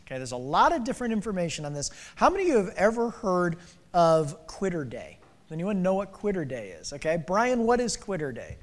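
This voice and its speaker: A man in his forties with a high voice delivers a playful sermon, teasing listeners and calling them out by name. His voice rings in a long church reverb. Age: 40s. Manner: playful, calls on the congregation by name. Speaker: pastor. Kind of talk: interactive sermon. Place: church sanctuary. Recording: reverberant hall.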